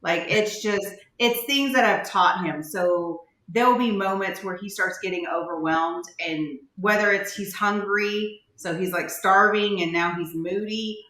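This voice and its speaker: A woman's voice: medium pitch, unhurried, hardly any pauses, fairly bright tone. A woman co-hosting a podcast, telling stories in a matter-of-fact, dry way. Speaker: podcast co-host. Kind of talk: casual chat. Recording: echoey room.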